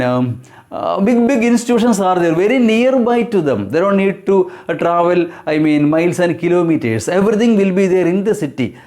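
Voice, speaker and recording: A man with a noticeably high voice talks through an exam-prep lesson as an English teacher. He explains deliberately and often stops with fillers and self-corrections as he looks for words. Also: darkish tone.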